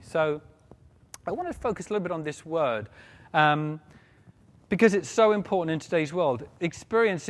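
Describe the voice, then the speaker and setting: Keynote speaker: a high-pitched, animated man, reverberant hall sound. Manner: animated, jokes with the audience. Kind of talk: conference keynote. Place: large conference hall stage. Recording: long reverb of a large hall.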